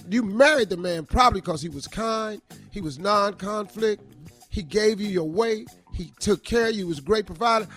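Blunt, high-voiced man giving advice on radio. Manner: blunt, colloquial, exasperated. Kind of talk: opinionated call-in advice banter.

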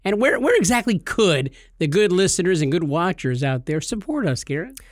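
A man's voice: sits high, big pitch swings, normal speed, no room sound, studio quality. A young man co-hosting a podcast, teasing his partner in joking, theatrical banter. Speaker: podcast co-host.

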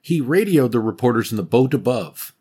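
A man's voice: medium pitch, lively intonation, a little fast, dark tone, breathy edge. A man narrating a scripted history podcast as its host, dramatic and wry. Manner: dramatic storytelling with wry asides.

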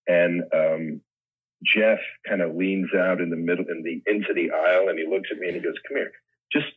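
A man's voice: low voice, husky. A man in his sixties, a guest actor telling rambling anecdotes in a casual interview, laughing often. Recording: tinny phone-like line.

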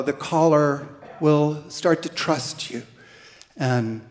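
A man telling a true story live on stage, halting and restarting as he goes. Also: medium pitch, in a large hall. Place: theater stage.

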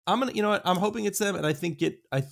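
Gravelly man chatting about baseball. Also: very fast, no echo. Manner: hesitant, repeats himself, lively swings in pitch. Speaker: podcast co-host. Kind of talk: casual sports chat.

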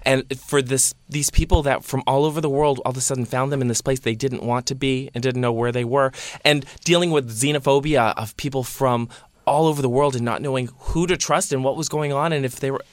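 A man's voice: mid-range voice, fairly even intonation, a little fast, no room sound. A man co-hosting a podcast, speaking in an emotional, gushing way and often reaching for "like" as he searches for words. His voice sits in a middle register, recorded dry and close to the mic. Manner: emotional, gushing, full of fillers like "like". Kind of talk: casual chat reviewing a show.

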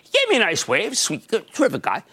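An older man hosting a market show, delivering theatrical stock commentary, swinging from shouts to low asides. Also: wildly swooping pitch, quick pace, husky.

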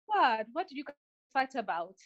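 A woman's voice: high-pitched, very animated, normal speed, lo-fi sound. A woman co-hosting a podcast in casual chat, playful and teasing. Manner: playful, teasing, laughs often. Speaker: podcast co-host.

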